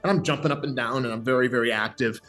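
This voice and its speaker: A man speaking as a voice actor in an interview, telling stories in an animated, energetic way with many restarts. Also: mid-range voice, fast, soft background music. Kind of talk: interview chat.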